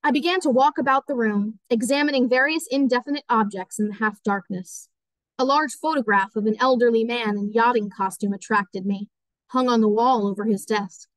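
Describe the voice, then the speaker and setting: A woman teacher reading a novel aloud as audiobook narration, steady and clear. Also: on the high side, normal speed, no echo, poor audio.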